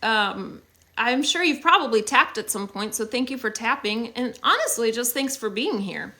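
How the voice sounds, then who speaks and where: A woman's voice: fairly high pitch, animated, normal speed, bright, forceful tone. A young woman hosting a casual livestream on her phone, chatty and upbeat as she thanks viewers, with many fillers. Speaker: livestream host.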